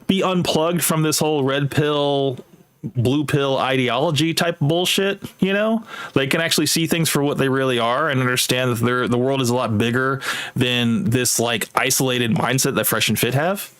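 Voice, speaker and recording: Male debater, mid-range pitch, steady and argumentative, leans on fillers. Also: normal speed, smooth. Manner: steady, argumentative, hedges with "you know". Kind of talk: heated debate.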